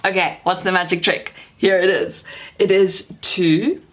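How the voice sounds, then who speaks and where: A woman's voice: lowish voice, steady tone, measured pace, a little hiss or hum. A voice coach and actor, a woman, teaching how to project the voice, speaking emphatically and encouragingly. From South Africa. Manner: emphatic, encouraging, demonstrates shouting. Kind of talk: vocal coaching lesson to camera.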